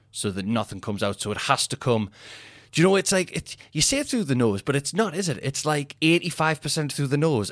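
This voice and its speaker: A male comedian, telling a comic story in an animated, sweary way and laughing at his own tale. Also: medium pitch, no room sound, studio quality. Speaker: comedian podcast host.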